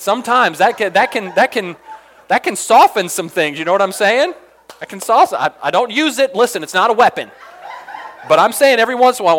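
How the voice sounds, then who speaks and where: Chatty, animated man with a fairly high voice. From Georgia, US. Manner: animated, chatty, full of asides. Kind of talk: humorous personal storytelling.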